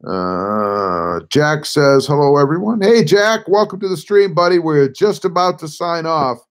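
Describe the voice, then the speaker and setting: Hoarse guy on a live stream, voice almost shot, reading chat comments and replying all laid back. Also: a little high, animated, a little slow. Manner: reads viewer comments aloud and replies offhandedly. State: hoarse, voice nearly gone.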